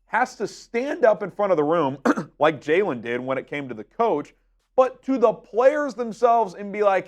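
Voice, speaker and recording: A man's voice: fairly high pitch, lively intonation, normal speed. A man hosting a sports show, ranting with frustration and emphasis, stumbling over repeated words, his voice wearing thin. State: losing his voice.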